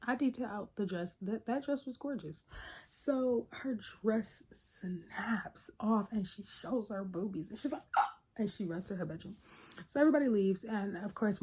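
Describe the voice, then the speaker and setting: A young woman casually recapping a sitcom episode, acting out the characters' lines and laughing often. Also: mid-range voice. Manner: animated, acts out quotes, laughs often. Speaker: show recapper.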